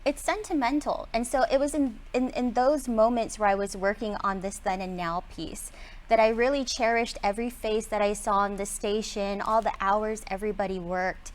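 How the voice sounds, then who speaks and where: Young female interview guest, earnest and sentimental, halting delivery. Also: mid-range voice. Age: young adult. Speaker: guest, public broadcaster staff. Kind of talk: casual studio interview. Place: radio or TV studio.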